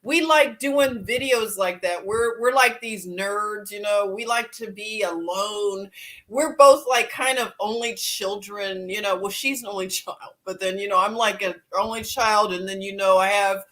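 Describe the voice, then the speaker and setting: A woman's voice: medium pitch, fairly bright tone. A woman hosting a casual livestream, greeting viewers by name and laughing often as she chats. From Philadelphia. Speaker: livestream host.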